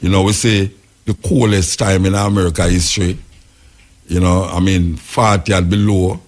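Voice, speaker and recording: A man's voice: low voice, fairly even intonation, moderate pace. A Jamaican man hosting a talk radio show, delivering rambling, emphatic commentary in patois.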